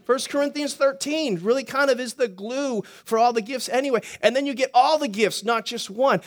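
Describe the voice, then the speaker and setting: High-voiced fast-talking male pastor. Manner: energetic, talks fast, asks the congregation questions. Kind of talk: sermon teaching.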